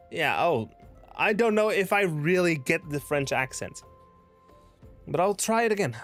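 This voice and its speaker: A man's voice: fairly high pitch, expressive, a little slow, long pauses, a bit bright, faint music behind. A man streaming a game, thinking aloud and chatting casually between reading quest text. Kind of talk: casual let's play commentary.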